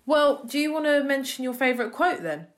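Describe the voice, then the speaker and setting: A woman co-hosting a podcast, chatting in an animated way and often repeating words. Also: high-pitched, brisk. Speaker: podcast co-host. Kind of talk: casual chat.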